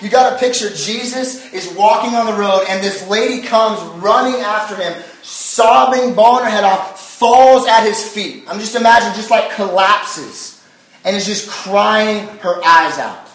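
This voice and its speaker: A young man giving a casual youth sermon, telling the story in an animated way and using lots of filler words. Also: sits high, unhurried. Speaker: youth pastor. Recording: echoey hall, voice from a distance.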